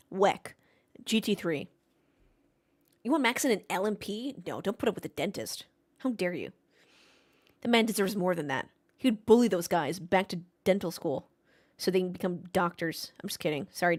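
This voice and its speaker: A woman hosting a live race watchalong, joking casually and chatting with her viewers. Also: lowish voice. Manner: playful, jokey, chatty with her live chat. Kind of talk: casual live-stream chat.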